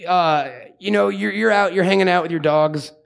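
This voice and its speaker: A man's voice: sits high, moderate pace, vocal fry, clean tone. Crude rambling male comedy podcast host. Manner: crude, rambling, joking, lots of fillers. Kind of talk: casual comedic banter.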